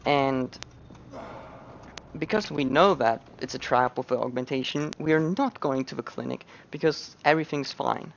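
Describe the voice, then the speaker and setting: A man's voice: mid-range voice, normal speed, gravelly, dull audio, a little hiss or hum. A man giving casual, joking commentary on a speedrun into a headset. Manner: relaxed, joking asides.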